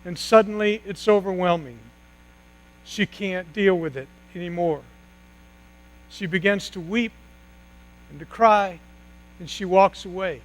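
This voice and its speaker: A man preaching a sermon, retelling a story dramatically with long pauses and sudden hushed drops. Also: sits high, low-quality recording. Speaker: pastor.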